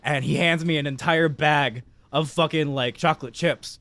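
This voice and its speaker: A man's voice: on the high side, fairly even intonation, moderate pace, a bit bright, no room sound. A young man co-hosting a podcast, telling a rambling, profane story with laughs mixed in. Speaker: podcast co-host. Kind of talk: casual storytelling chat.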